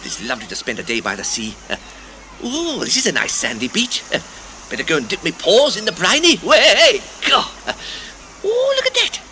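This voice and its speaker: A man's voice: high voice, huge pitch swings, moderate pace, bright, forceful tone, slight background noise, exaggerated voice. A man voicing a cheeky male fox puppet who sings music-hall songs and tells jokes with bursts of laughter, on a comic record. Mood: cheeky chatter. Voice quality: chuckling, music-hall sing-song. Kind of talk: comic song and patter record. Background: brass band music.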